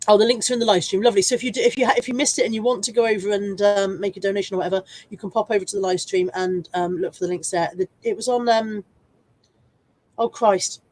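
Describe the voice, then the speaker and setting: A woman's voice: mid-range voice, fairly even intonation, quick pace, darkish tone, no echo. A woman hosting a casual live stream while full of a cold, chatting, rambling and poking fun at herself as she greets viewers by name. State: congested with a cold, coughing.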